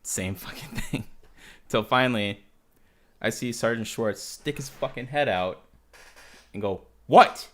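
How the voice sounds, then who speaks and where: A man's voice: lowish voice, unhurried, long pauses. A man hosting a casual podcast, telling military stories with heavy swearing and frequent laughter. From United States. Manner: profane, animated storytelling with laughter. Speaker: podcast host. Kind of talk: casual storytelling chat.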